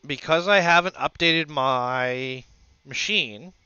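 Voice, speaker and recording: A maker channel host with a fairly high, sharp yet smooth voice takes his time on a casual livestream, rambling to viewers and to himself while setting up a 3D print. The audio is lo-fi with no room sound.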